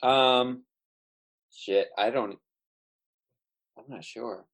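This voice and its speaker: A man co-hosting a movie podcast who talks in a hesitant, thoughtful way and fills his pauses with ums. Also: medium pitch, fairly bright tone. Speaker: podcast co-host. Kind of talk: casual movie chat.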